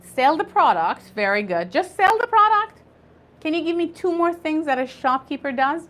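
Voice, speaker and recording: A woman's voice: high voice, animated, moderate pace. A woman teaching an online English conversation class, patiently spelling out words and drilling pronunciation.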